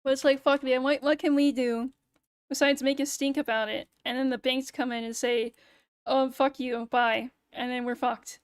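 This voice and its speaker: A young woman with a high, smooth and clear voice, chatting casually on a livestream. She rants with a sarcastic edge and swears often. Her voice is recorded close and dry, with no room sound. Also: flat delivery, normal speed, no echo. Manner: ranting, sarcastic, swears a lot. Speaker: VTuber streamer.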